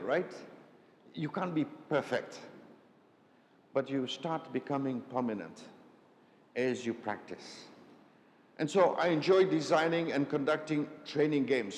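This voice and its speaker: A man leading a live public speaking workshop, asking the audience questions and often checking in with "right?". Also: a little mellow. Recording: echoey hall with faint rumble.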